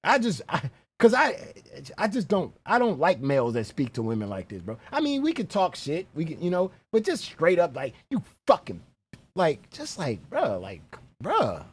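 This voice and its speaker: In a husky, fairly high voice at normal speed, this streamer reacts to clips with animated, casual remarks. He addresses the viewer directly and keeps saying "bro".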